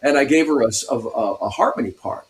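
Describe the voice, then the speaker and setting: Animated male guitarist telling stories. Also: mid-range voice, quick pace. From Pasadena, California. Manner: animated, laughs often, acts out quotes. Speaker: guest guitarist. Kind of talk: storytelling in a radio interview.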